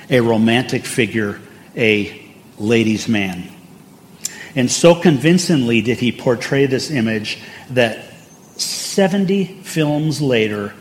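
Older male preacher in a relaxed storytelling sermon, full of asides; faint background noise. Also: medium pitch. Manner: conversational and anecdotal, with asides. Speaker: pastor.

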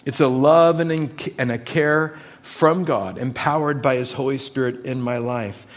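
A man preaching a sermon to his church, slow and emphatic, building on repeated phrases. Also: medium pitch. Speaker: pastor.

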